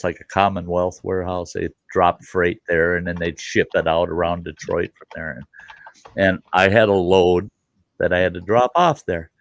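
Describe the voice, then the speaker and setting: A man's voice: deep voice, no echo. A man hosting a casual chat, telling folksy stories full of crude asides. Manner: folksy, salty yarn-spinning with crude asides. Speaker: host.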